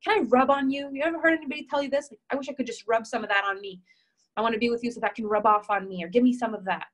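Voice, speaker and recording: Female coach, a touch high, encouraging, talks straight to listeners on a call. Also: very fast. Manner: warm, encouraging, reads out members' comments. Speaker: relationship coach.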